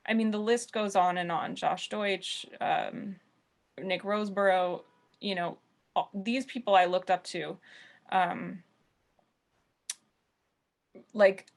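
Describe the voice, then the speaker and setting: A woman's voice: mid-range voice, steady tone, unhurried, creaky. A woman from the United States, a jazz musician, speaking candidly on an online panel discussion over a video call. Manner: earnest, candid storytelling.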